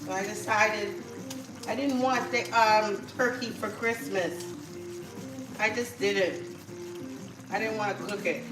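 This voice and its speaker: Slow-talking woman cooking live at home. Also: medium pitch, fairly even intonation, over music, low-quality recording. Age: middle-aged. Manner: chatty, talks to viewers while cooking. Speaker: live-stream cooking host. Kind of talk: casual live cooking chat. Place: home kitchen.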